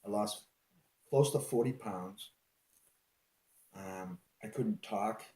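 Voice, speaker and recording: Man, interviewee, low voice, animated storytelling, echoey room. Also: slow. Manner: animated, acts out dialogue in his retelling. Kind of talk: personal storytelling.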